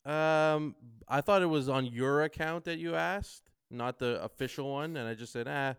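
A man from Canada co-hosting a podcast, making deadpan quips in casual chat. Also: on the high side, normal speed, smooth. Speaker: podcast co-host.

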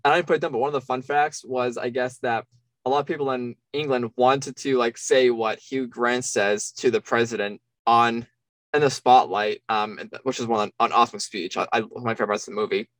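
A man's voice: mid-range voice, fairly even intonation, brisk, a bit bright, no room sound. An American man co-hosting a casual film discussion, laughing often as he reads trivia aloud. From United States. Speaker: podcast co-host.

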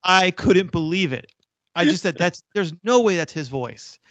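A man's voice: sits high, animated, normal speed, a bit bright, no room sound. A man co-hosting a casual podcast chat, explaining his points with frequent restarts. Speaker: podcast co-host.

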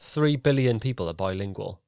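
A man's voice: on the low side, expressive, brisk, vocal fry, darkish tone, dry recording, studio quality. A man co-hosting a podcast, chatting in a cheeky, laid-back and jokey way. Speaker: podcast co-host. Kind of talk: casual chat.

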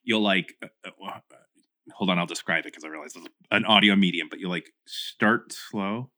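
A man's voice: low voice, fast talker, bright, forceful tone, no echo, clean studio sound. A man who works as an audio editor, a podcast guest talking eagerly and acting out little quotes. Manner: talkative, enthusiastic, acts out quotes. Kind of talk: casual podcast chat.

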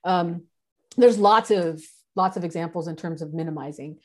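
A woman's voice: lowish voice, moderate pace. Woman from san diego talking casually, earnest, explains things. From San Diego, United States. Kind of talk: casual conversation.

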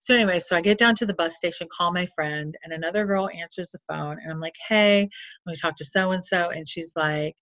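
A woman with a lowish voice tells a personal story in a loose, chatty way, scattering "like" and side remarks as she goes. The sound is dry and a little dull and lo-fi, with no room around her. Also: fast, few pauses, a bit bright, no echo. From Florida. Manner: candid and chatty, full of "like" and asides. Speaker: coach or counselor.

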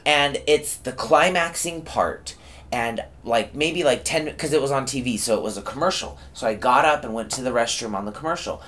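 A man's voice: medium pitch, normal speed. A man in casual chat, acting out his reactions as he tells how he was pranked in a rehab house. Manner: expressive storyteller, acts out his reactions. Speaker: rehab resident telling prank stories.

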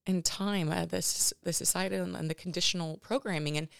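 A woman in her thirties talks about her own life as a podcast host, stopping and restarting often as she searches for words. Her voice sits low with a gravelly fry, and the recording is dry and close. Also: steady tone, dry recording. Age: 30s. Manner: halting, many restarts and fillers. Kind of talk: emotional personal talk.

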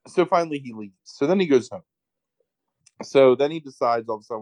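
A man casually recapping a movie plot on a podcast, swearing freely and telling it with lively energy. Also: mid-range voice, moderate pace, no echo, poor audio. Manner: profane, animated retelling with acted quotes. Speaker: podcast co-host.

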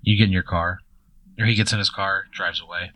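Low-voiced man narrating a story game. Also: steady tone, brisk, pushed and bright, no room sound. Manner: casual, hesitant, full of fillers. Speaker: game master.

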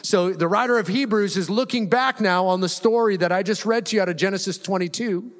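Male pastor, high voice, casual storytelling sermon, long church-hall reverb. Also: fairly quick. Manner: conversational, humorous storytelling preacher. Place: church sanctuary.

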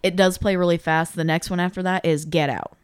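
Woman, very low voice, smooth, calm, matter-of-fact co-host. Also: a little fast. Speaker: podcast co-host. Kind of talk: casual chat.

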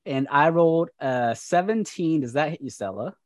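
A man's voice: on the high side, animated, moderate pace, dry recording. A man running a tabletop role-playing game as game master, narrating the action and explaining the rules. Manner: explains rules aloud while reading.

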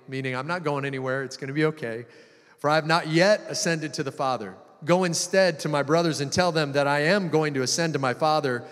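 Speaking a little fast, with a fairly bright tone at medium pitch, this preacher reads scripture and then dramatizes it. He gives each quoted voice its own performance, and the intensity keeps rising. A long reverb from the hall trails his words.

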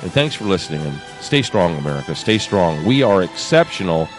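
A man's voice: sits low, big pitch swings, fairly quick, music in the background. A man hosting a talk radio show, reading and commenting in a sarcastic, rambling way with laughs. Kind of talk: casual talk radio monologue.

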